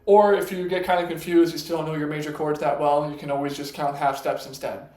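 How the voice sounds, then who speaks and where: A man with a slightly high voice gives a relaxed, step-by-step piano lesson and counts notes out loud. The room is echoey. Piano notes ring out clearly between his lines. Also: a little fast. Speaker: piano teacher.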